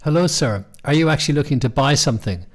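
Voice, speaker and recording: A man's voice: a little high, animated, fast talker, pitched above the performer's own voice. A man voicing a brash, rude Cockney market stall holder who talks in cheeky, blunt sales patter, in a storybook reading.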